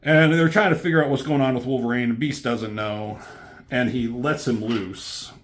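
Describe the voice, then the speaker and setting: A man's voice: mid-range voice, normal speed, a little hiss or hum. A man casually reviewing a comic book, rambling loosely with fillers and the odd curse word.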